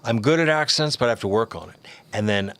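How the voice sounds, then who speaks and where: A man's voice: on the low side, fast talker. Man chatting about stage acting. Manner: animated storyteller, demonstrates accents. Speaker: actor, studio guest. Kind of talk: casual interview chat.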